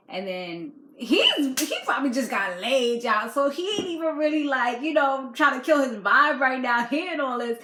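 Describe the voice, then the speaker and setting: A woman vlogger recaps a reality show in a loose, chatty way. She keeps dropping "like" and "you know". Her voice sits a little high and rings off the walls of an echoey room. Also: very animated, normal speed, fairly bright tone. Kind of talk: casual video recap.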